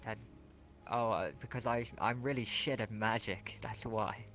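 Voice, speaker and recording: A man with a lowish voice rambles through an in-character roleplay chat, goofy and excited about his ideas. Faint music sits in the background. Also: a little slow.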